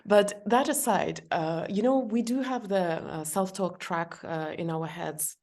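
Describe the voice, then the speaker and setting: A middle-aged woman, a guest on a podcast, who gives practical advice in a warm, chatty way and laughs often. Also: lowish voice, unhurried. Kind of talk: podcast conversation.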